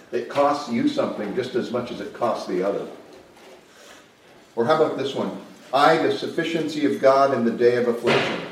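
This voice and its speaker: A man preaching a sermon as a pastor, emphatic, with dramatic swings in loudness and pace. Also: lowish voice. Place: retreat camp meeting space. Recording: roomy echo, distant mic, faint background noise.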